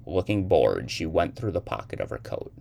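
Deep-voiced male reader with fry and animated pitch for a short story narration. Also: moderate pace, no echo. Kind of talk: reading a short story aloud.

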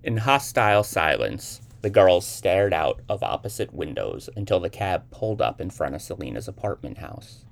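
A man reading a short story aloud as narrator, with lively, expressive delivery. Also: low voice, moderate pace, creaky, hardly any pauses.

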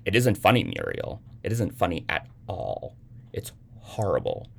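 A man's voice: low-pitched, huge pitch swings, a little slow, creaky, a little hiss or hum, heavily acted. A man voicing a fretful, nagging middle-aged mother on the phone, pressing her questions insistently. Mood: anxious.

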